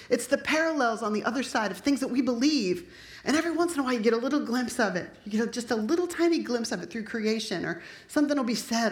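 A woman preaching a sermon in a chatty, conversational way, dropping joking asides to her congregation. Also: a little high. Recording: echoey room.

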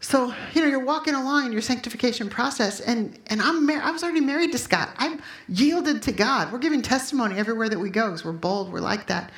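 A woman in her fifties preaches and tells her own testimony, her voice pitched a bit high. She gets emotional and acts out her prayers loudly for the room. The sound rings around a roomy, echoing space. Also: expressive, fast. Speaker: speaker at a Christian gathering. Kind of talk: sermon with personal testimony. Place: room full of listeners.

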